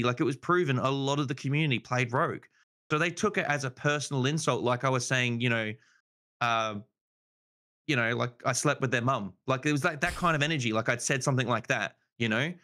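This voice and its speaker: A man's voice: medium pitch, quick pace, bright, forceful tone. A man rambling in casual podcast chat, swearing freely and saying "you know" a lot. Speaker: podcast guest.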